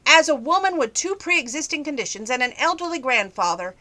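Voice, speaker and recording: Bright, lively woman telling stories. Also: high-pitched, brisk, few pauses. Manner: animated, sarcastic, chatty. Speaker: vlogger. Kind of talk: casual storytelling to camera.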